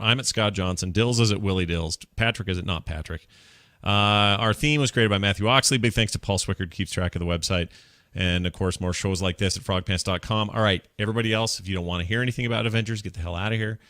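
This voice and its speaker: Bright-voiced man hosting a podcast. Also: on the low side, no room sound, studio quality. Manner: brisk and joking, reads out plugs fast. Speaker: podcast host. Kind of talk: casual podcast chat.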